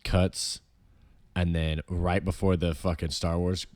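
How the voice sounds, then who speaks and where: A man's voice: sits low, level tone, takes it slowly, darkish tone, no room sound. A young man, swearing freely and telling blunt stories in a casual podcast chat. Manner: profane, blunt storyteller. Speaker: podcast co-host.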